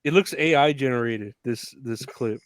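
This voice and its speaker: A man's voice: medium pitch, moderate pace, no room sound. A man co-hosting a podcast in casual chat, joking and laughing often. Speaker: podcast co-host.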